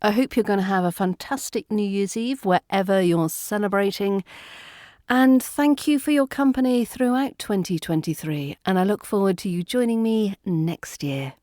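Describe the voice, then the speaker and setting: British rp lady teaching accents on her podcast, clear and measured, dry close mic. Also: medium pitch, warm tone, no room sound. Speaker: accent coach and podcast host. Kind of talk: scripted podcast lesson.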